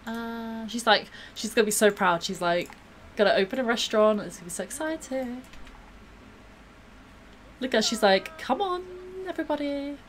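A woman's voice: mid-range voice, normal speed, long pauses, slight background noise. A woman gives bubbly, gushing live-stream commentary while she plays a game, gasping and laughing often.

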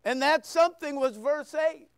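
High pitched guy preaching real slow, dry close sound, gets loud then drops quiet. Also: no room sound. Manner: emphatic preaching with sudden loud bursts and quiet asides. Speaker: pastor. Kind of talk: sermon.

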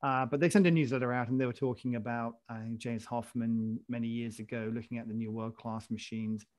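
A man's voice: medium pitch, fairly even intonation, brisk, a little mellow. A man hosting a casual podcast chat, jokey and rambling, often restarting his sentences. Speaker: podcast host.

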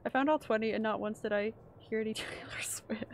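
Excitable woman streamer with gravelly fry. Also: a little high, brisk, a little hiss or hum. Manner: excitable, jumpy, chatting with viewers. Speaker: game streamer. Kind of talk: live gameplay commentary.

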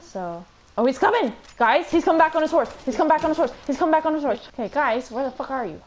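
A young woman streaming a game, chatting excitedly with a friend, swearing and laughing often. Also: high-pitched, fast talker, slight background noise, rough recording. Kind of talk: excited casual gaming chat.

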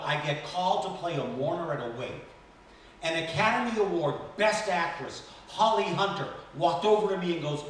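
A man in his fifties does stand-up on a stage, with a high, bright voice that leaps around as he tells his jokes. His delivery is animated and self-deprecating. He sounds far from the mic, and the room gives back a strong echo. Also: slight background noise. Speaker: stand-up comedian. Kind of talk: stand-up comedy set. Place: stage at a benefit concert in a temple. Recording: echoey room from far off with faint ambience.

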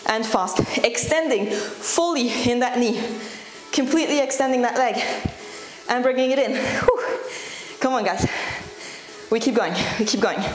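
A woman leading a workout as a fitness instructor, cheering people on with energetic cues while breathing hard. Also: on the high side, unhurried, soft background music. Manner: encouraging, energetic cueing, out of breath at times. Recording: echoey room.

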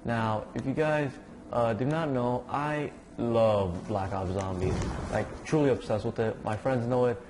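A little slow at medium pitch, with background noise, the young gaming YouTuber sounds sleepy as he rambles over a zombie game. He mumbles under his breath and swears at it.

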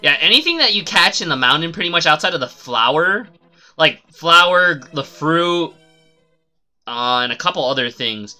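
A man rambling through live gameplay commentary with a lot of swearing, his pitch bouncing up and down and now and then jumping into loud yelps. His tone is bright and sharp. Faint game music plays behind him. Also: lively intonation, normal speed. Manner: profane, rambling chatter with sudden loud outbursts at the game. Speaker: streamer.

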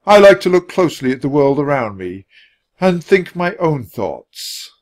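A man voicing a wise, calm Roman emperor in a storybook reading, with measured, dignified speech. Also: fairly high pitch, pitched above the performer's own voice.

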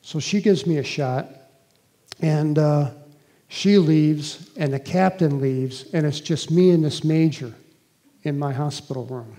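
A man giving a talk and recounting a personal experience in an earnest, halting conversational way, with fillers and restarts. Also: fairly high pitch, dark tone.

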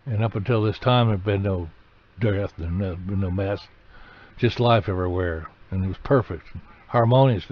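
A man with a lowish voice preaches a sermon, telling the story dramatically and breaking into sudden loud, emphatic bursts. The recording has its highs cut off.

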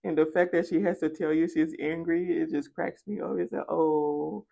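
Tarot reader, female, lower register, chatty and emphatic, repeats lines for stress. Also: level tone, fairly quick, gravelly, warm tone, dull audio. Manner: casual and chatty. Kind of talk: spoken tarot reading.

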